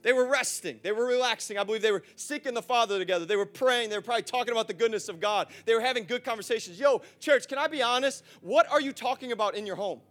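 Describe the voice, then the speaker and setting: Brief: high-pitched male pastor, casual and lively, faint music behind. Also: fast, few pauses. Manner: animated, chatty, acts out scenes, asks the room questions. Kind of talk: sermon. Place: church.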